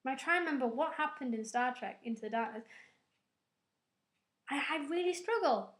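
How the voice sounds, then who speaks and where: A woman giving a rambling, excitable spoken film review, full of "like" asides. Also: high-pitched, brisk. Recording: echoey room.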